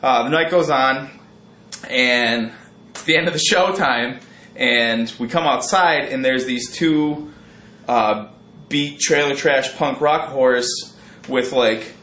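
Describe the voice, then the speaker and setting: A man's voice: mid-range voice, bright, forceful tone, echoey room. A man animatedly telling a profane story, saying "dude" constantly. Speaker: band member telling a tour story. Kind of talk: casual storytelling.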